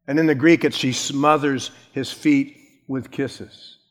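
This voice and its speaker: A pastor preaching a sermon in a conversational, storytelling way with casual asides. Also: male voice, mid-range voice, fairly even intonation, takes it slowly, long reverb tail.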